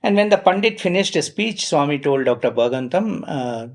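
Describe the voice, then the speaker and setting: A middle-aged man, telling personal stories at a devotional gathering in a lively way, with frequent fillers and self-deprecating asides. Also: fairly high pitch, brisk. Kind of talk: anecdotal storytelling talk.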